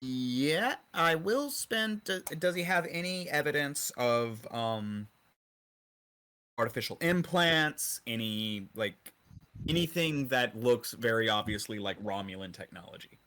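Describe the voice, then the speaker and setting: A man's voice: mid-range voice, lively intonation, measured pace, pushed and bright. A man playing in a tabletop role-playing game, clipped and matter-of-fact. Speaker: player. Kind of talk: tabletop game play over a call.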